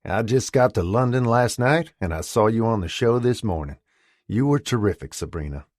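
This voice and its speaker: Guy reading a smooth southern charmer, slow elegant drawl, deep voice. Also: lively intonation, darkish tone, dry recording, clean studio sound. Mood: teasing. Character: charming American man from the South, teasing friend.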